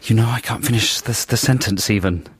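A man's voice: lowish voice, brisk, husky. A man co-hosting a radio show, bantering in a mock-pompous, self-assured way. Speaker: radio co-host. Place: radio studio. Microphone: studio microphone.

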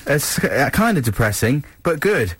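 A man's voice: mid-range voice, very animated, normal speed, a little hiss or hum. A male radio host chatting and rambling through links, with plenty of hesitation. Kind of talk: radio banter.

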